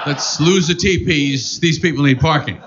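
A man from New York doing a stand-up comedy set on a club stage, animated and mock-exasperated. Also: on the high side, normal speed. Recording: muffled live club recording, noisy.

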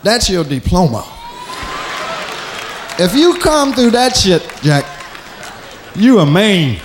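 A man performs stand-up comedy, telling loose, profane stories and slipping into mimicked voices of himself. His voice is high-pitched and very animated, his pace slow, with a crowd and other noise in the background.

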